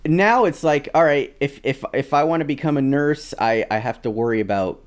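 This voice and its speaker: A man in his thirties co-hosting a podcast, talking in a casual, rambling way with halting restarts. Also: mid-range voice, clear, resonant tone. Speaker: podcast co-host.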